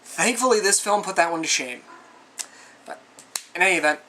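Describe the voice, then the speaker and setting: Slight background noise sits under a male movie reviewer's high, bright, forceful voice, delivered at normal speed. He rambles through a casual film review in a conversational way, with many asides, sounding exasperated and sarcastic.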